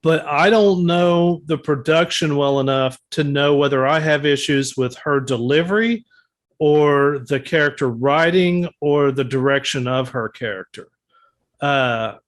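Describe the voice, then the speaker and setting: Thoughtful man weighing his words. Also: fairly high pitch. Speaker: podcast co-host. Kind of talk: casual film review chat.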